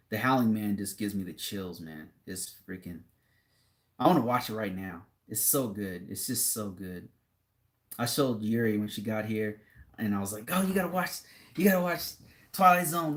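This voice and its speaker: Streaming live, a young man with a fairly low voice goes through viewer comments out loud. He chats casually and rambles in a laid-back way, laughing frequently.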